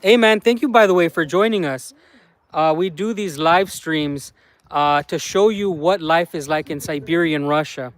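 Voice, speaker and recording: A man's voice: a little high, smooth. A man chatting casually on a live stream outdoors in a garden, rambling with many fillers and greeting viewers.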